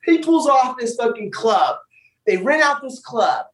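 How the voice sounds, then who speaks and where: A young man, a wrestler, telling wild road stories on a podcast in a loud, profane, animated way. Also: extremely high pitch, a little slow, distant mic, low-quality recording. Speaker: wrestler guest. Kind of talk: casual podcast storytelling.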